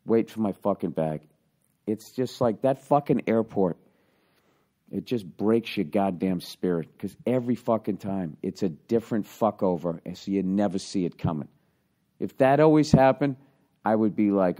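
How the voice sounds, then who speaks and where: Comedian guy ranting casually, swears a lot, lively storytelling. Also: lowish voice, moderate pace. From United States. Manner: profane, ranting, animated. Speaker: stand-up comedian.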